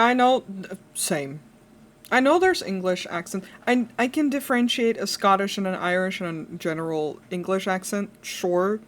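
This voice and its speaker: A chatty Dutch woman from the Netherlands tells stories on a casual live stream. When excited she gets louder and higher, and she swears casually.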